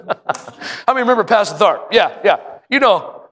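Male pastor, high voice, emphatic repetitive sermon delivery, church hall echo. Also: sing-song, brisk. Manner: preaches with rising emphatic repetition, sometimes shouting. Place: church sanctuary. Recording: long hall reverb.

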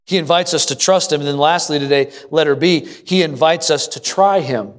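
A man's voice: on the high side, normal speed. A middle-aged man preaching a sermon as pastor, telling folksy family stories and asking the congregation questions. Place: church sanctuary. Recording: long hall reverb.

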